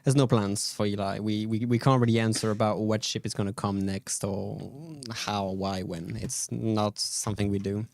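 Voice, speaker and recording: A man's voice: lowish voice, flat delivery, normal speed, vocal fry, hardly any pauses, darkish tone, dry recording. Male stream host, casual gameplay commentary, dry close mic, easygoing and rambling. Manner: laid-back, rambling, fillers, answers chat.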